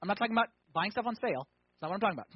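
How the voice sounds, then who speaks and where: A man preaching a conversational sermon, asking the crowd questions and swinging from loud emphatic points to quiet ones. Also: high voice, animated, rapid-fire, slightly rough, lo-fi sound. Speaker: pastor.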